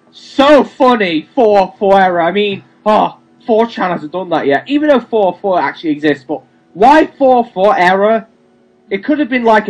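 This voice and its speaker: A man's voice: sits high, poor audio. A young man in casual ranting commentary, profane and mocking, often stammering over his words. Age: young adult.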